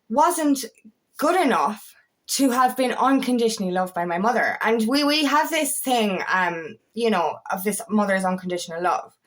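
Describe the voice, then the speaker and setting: A woman's voice: fairly high pitch, fairly bright tone. A woman in her thirties or older, an empowerment coach, talking in a raw, earnest and emotional way, swearing freely and repeating words as she shares her own story. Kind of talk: personal vlog talk.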